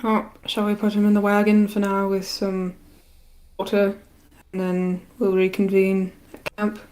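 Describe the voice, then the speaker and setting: A woman's voice: medium pitch, completely flat delivery, a little slow, darkish tone. A woman playing a tabletop game, chatty as she proposes plans for her character. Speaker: player. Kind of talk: casual tabletop play.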